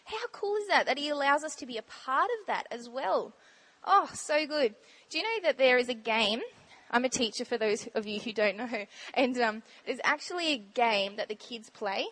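A woman giving an informal, chatty sermon talk in a church, bubbly and quick to laugh. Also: a little high, animated, a bit bright. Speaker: church speaker sharing testimony.

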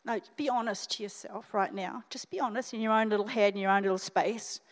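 An older woman with an Australian accent, a senior pastor preaching an animated, emotional sermon straight to her congregation. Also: mid-range voice, a little fast. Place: church hall. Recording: reverberant church hall.

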